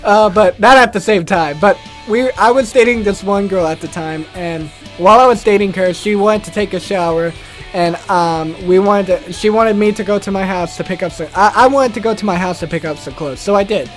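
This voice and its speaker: A man's voice: high-pitched, fairly quick, faint music behind. A young man hosting a casual video, telling a rambling story and swearing freely. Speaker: gaming channel host.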